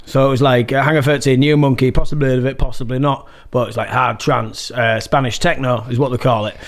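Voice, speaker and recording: A man's voice: mid-range voice, fairly even intonation, a little fast. A man in his thirties with a Yorkshire accent, a podcast guest telling rambling stories about his music past, swearing and laughing often. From England. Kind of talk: casual chat.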